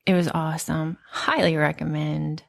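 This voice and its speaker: A woman in her thirties hosting a podcast, telling stories in a candid, profane, animated casual chat. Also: low voice, normal speed, gravelly. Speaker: podcast host.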